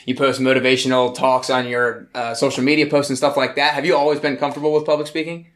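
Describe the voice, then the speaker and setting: A man hosting a casual interview, supportive and quick with short back-channel replies. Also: mid-range voice, little pitch movement, a bit bright. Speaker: podcast host.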